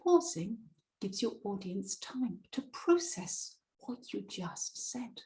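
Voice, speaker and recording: A British woman giving a webinar as a presentation skills coach, speaking deliberately with emphatic pauses and stressed words. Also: mid-range voice, big pitch swings, warm tone, poor audio. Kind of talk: webinar talk.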